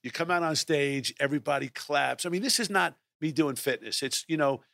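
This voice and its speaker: Animated middle-aged man telling a story. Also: a little high, fairly quick, gravelly, dry recording, clean studio sound. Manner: lively, acts out his own lines. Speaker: guest storyteller.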